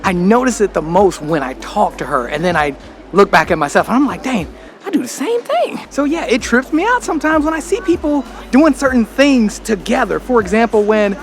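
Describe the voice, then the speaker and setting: A man's voice: high-pitched, sing-song, a little fast, faint music behind. An American man vlogging in a candid, reflective way, full of casual slang. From United States. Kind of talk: casual talk to camera.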